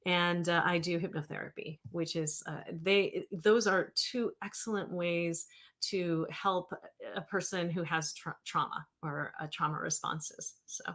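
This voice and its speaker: A woman's voice: on the low side, steady tone, a little slow, fairly bright tone. A woman in her fifties, a therapist hosting a livestream, talking casually and rambling as she reads viewer comments aloud. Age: 50s.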